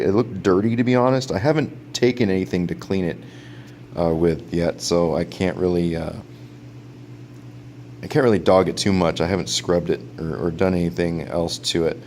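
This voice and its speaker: Low-voiced man for a relaxed gadget review vlog, rambly, stops and restarts a lot, quick to chuckle. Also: slight background noise. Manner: rambling, full of fillers and restarts, chuckles often. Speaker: product reviewer.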